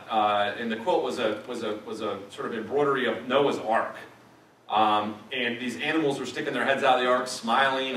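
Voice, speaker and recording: A man's voice: mid-range voice, fairly bright tone, slight background noise. Middle-aged man, church lecture, conversational, dry humor, echoey sanctuary, distant mic. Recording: echoey church room from a distance, faint ambience.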